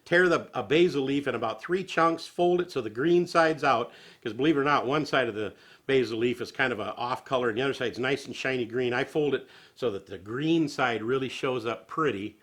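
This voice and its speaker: A man's voice: mid-range voice, a little fast, a bit bright. A man hosting a home cooking show, chatting in a homespun, folksy way and chuckling as he goes.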